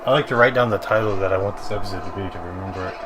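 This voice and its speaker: Very deep-voiced man, teasing let's-play host. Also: racing, very noisy. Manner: teasing, laughs often, dry jokes. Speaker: lets-play host, playing the game. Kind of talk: casual lets-play commentary. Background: game music.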